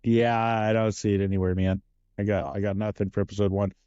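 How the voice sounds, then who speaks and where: A man taking over as interviewer on a casual podcast, talking in an energetic, joking and playful way. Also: on the low side, brisk, clean tone, no room sound, dull audio. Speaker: guest interviewer.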